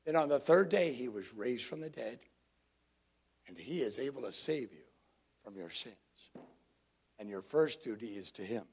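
A man's voice: medium pitch, lively intonation, moderate pace, long pauses, a little mellow, slight background noise. A man preaching a sermon to his congregation in a conversational way, drawing listeners in. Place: church congregation.

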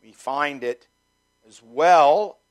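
A man's voice: fairly high pitch, extremely slow. A middle-aged man from Canada, a pastor giving a folksy, conversational sermon and asking his congregation questions. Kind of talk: sermon with prayer.

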